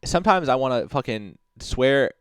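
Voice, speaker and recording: A man's voice: medium pitch, animated, normal speed, fairly bright tone, clear, resonant tone, no room sound, studio quality. A man hosting a livestream, rambling in casual commentary with constant "like" fillers and swearing, answering chat messages as he goes. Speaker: livestream host.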